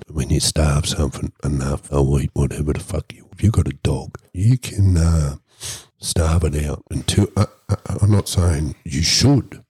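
A man with an Australian accent telling a crude, deadpan comic tall tale on a podcast, swearing constantly. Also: rumbling low, breathy edge, no room sound, clean studio sound. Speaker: podcast host.

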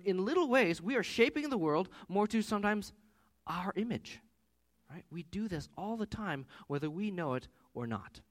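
Pastor, 30s, man; lively, swooping delivery, chatty sermon full of family anecdotes. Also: high-pitched. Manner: animated, conversational with personal anecdotes.

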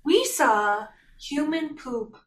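A woman in casual group chat, chatty and full of quick asides. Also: high voice, expressive, a little hiss or hum, rough recording.

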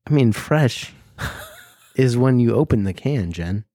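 A man's voice: mid-range voice, animated, slow pace, warm tone, no echo. Laughing, joking man co-hosting a podcast. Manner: joking, laughs often, rambling restarts. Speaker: podcast co-host. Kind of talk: casual chat.

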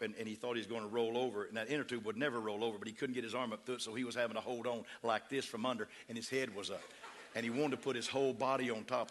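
A man, a pastor, telling a story in a sermon with an animated, humorous delivery. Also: medium pitch.

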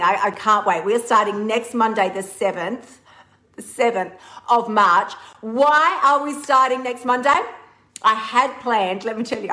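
A woman, a weight-loss coach giving a casual livestream pep talk, animated and laughing often, swearing freely and calling listeners honey. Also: fairly high pitch, poor audio.

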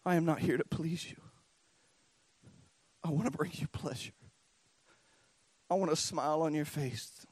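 A middle-aged man preaching a sermon with great passion. He swings between loud, fervent cries and hushed near-whispers. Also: fairly high pitch, unhurried, pauses often, breathy edge, no echo. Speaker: pastor.

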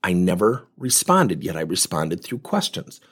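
A man who coaches and trains people in workplace talk, telling stories in an animated way and acting out the dialogue. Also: sits low, measured pace, husky.

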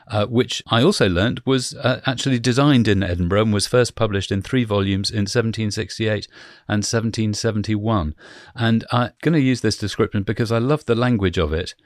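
A man's voice: lowish voice, dry recording, clean studio sound. A man hosting a podcast, chatty and leading the talk with questions. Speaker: podcast host. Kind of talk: casual podcast chat.

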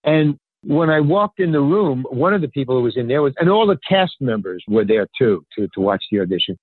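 Animated older man, husky phone-like voice. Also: mid-range voice, fairly quick, dry recording. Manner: animated, acts out other people's lines in raised voices. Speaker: guest, stand-up comedian. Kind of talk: casual anecdotal storytelling in an interview. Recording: dry, phone-like narrow sound.

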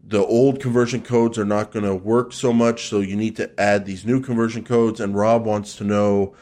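A man's voice: fairly low pitch, steady tone, moderate pace, a little mellow. A man hosting a podcast in casual chat, teasing his co-host and joking around. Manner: joking, teasing, loose and chatty.

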